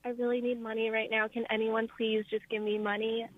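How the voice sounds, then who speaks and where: A woman's voice: on the high side, level tone, fairly quick, no echo, natural voice. A woman calling in to a radio show and plainly acting a female star begging for money. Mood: pleading. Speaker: caller. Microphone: phone. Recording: tinny phone line.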